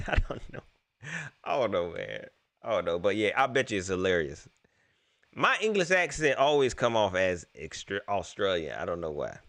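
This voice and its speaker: A man's voice: deep voice, moderate pace, creaky. A young man hosting a live post-game stream, talking casually to his viewers and laughing often. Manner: animated, laughs often, talks straight to the chat. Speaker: live-stream sports show host.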